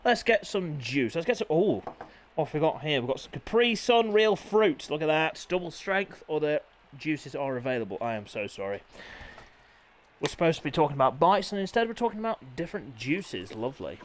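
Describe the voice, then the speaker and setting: A man with a high voice calls an online motorbike race, swinging between chatty asides and sudden bursts of excitement as riders crash and pass. He jokes at his own expense and scolds himself mid-commentary. Clear background noise runs under his voice. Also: a little fast. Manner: excitable, self-mocking, talks to himself. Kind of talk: sim racing commentary.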